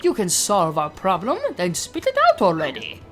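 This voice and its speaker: A woman's voice: medium pitch, sing-song, a little slow. A woman voicing a vain, pompous male ship owner in a grandiose, sing-song manner, over game music.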